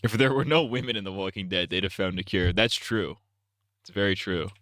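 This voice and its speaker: A man's voice: sits low, brisk, a bit bright, dry recording, clean studio sound. A young man co-hosting a casual stream, blunt and crude in his jokes.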